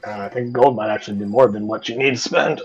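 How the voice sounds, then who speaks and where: A man's voice: medium pitch, quick pace, highs cut off, a little hiss or hum. A man running a live-streamed tabletop game as game master, talking loosely with lots of fillers and the odd swear.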